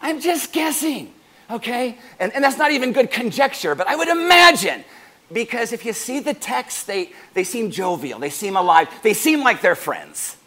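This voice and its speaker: Animated, high-voiced pastor preaching. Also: male voice, moderate pace. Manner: animated, joking asides with the congregation. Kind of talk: sermon.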